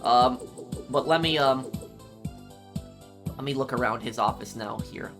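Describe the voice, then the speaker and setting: Gaming host, middle-pitched man, reads characters out in voices, loud game music underneath. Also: measured pace. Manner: reads game dialogue aloud doing voices, chatty asides. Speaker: gaming YouTuber. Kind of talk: let's play commentary.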